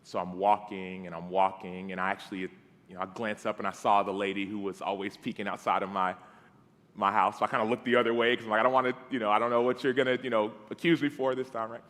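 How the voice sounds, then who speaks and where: Man, 30s, preacher. Casual storytelling sermon, slightly low voice, acts out dialogue, often drops to soft tones. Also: little pitch movement, quick pace. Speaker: guest preacher. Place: church sanctuary. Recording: long hall reverb.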